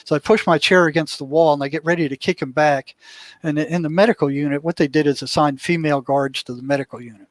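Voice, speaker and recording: A man's voice: on the high side, fairly even intonation, fast, no echo. An older man, a guest in an interview, telling a story casually and acting out what people said along the way. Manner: vivid storyteller who acts out what people said. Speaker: interview guest, former prison mental health worker.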